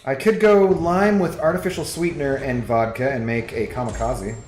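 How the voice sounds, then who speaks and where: A man's voice: medium pitch, moderate pace, a little mellow. A man streaming from home who chats with viewers while he plays, rambling, laughing often and reading chat aloud. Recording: roomy echo with faint music.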